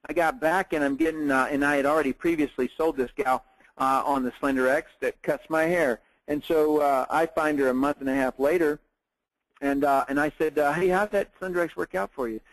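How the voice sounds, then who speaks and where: A man's voice: a little high, fairly even intonation, normal speed, dry recording, low-quality recording. A man presenting a business training, telling stories in a salesy, upbeat way with many fillers. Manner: storytelling with lots of fillers and quoted dialogue.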